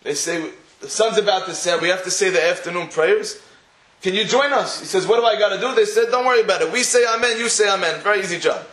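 Man, high voice, storytelling sermon, echoey room. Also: quick pace, a bit bright. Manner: storytelling, acting out the dialogue. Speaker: rabbi giving a talk.

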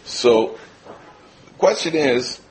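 A man giving a storytelling sermon as a rabbi, animated and acting out the people in his stories. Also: slow pace, slight background noise. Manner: animated, voices characters in low tones. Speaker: rabbi giving a Torah talk.

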